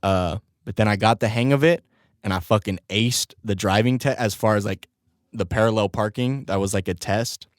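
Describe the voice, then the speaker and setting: Laid-back young man, lowish dry voice. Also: moderate pace, dry recording. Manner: laid-back, profane, laughs often while telling stories. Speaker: podcast host. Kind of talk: casual solo podcast storytelling.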